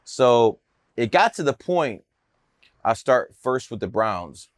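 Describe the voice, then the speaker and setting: A man's voice: mid-range voice, very animated, slow pace, no echo. A man telling stories about his numerology career in a brash, profane, boastful way on a podcast. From Cleveland area, USA. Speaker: numerologist guest. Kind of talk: casual podcast storytelling.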